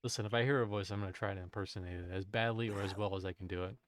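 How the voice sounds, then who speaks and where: A man's voice: lowish voice, steady tone, very fast, slight background noise. A man streaming a game, chatting casually to his viewers, musing aloud in a rambling way and often cutting himself off mid-thought. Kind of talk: casual live-stream chat while gaming.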